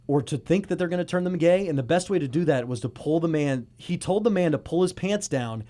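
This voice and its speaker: Animated young man hosting a podcast. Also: fairly high pitch, brisk. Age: early 20s. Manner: animated, laughing storyteller. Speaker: podcast host. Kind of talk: casual podcast chat.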